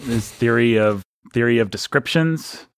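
A man's voice: mid-range voice, unhurried, clear, resonant tone, no room sound. Man hosting a book podcast, mid voice, jokey and digressive, very dry sound. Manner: playful, teasing, digressive. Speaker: podcast host. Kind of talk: casual book chat.

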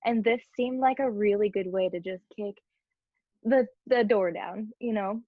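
A young adult woman, a podcast guest, telling her story in a chatty, expressive way. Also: medium pitch, measured pace. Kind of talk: conversational interview. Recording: dull, dry lo-fi audio.

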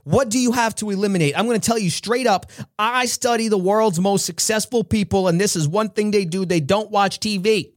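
A man from New York giving an earnest, preachy motivational talk with frequent laughs. His voice sits high, and the recording is dry and close. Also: fairly quick, hardly any pauses, no room sound. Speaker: podcast host, motivational speaker.

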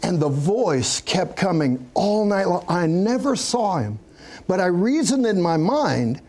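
A man with a somewhat high voice tells his story at an unhurried, deliberate pace. He is a pastor giving an earnest testimony in an interview, breaking into small chuckles as he goes. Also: sing-song, a little mellow.

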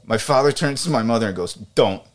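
A man co-hosting a podcast, telling a casual story with animated asides and frequent laughter. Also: medium pitch, fast talker. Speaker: podcast co-host.

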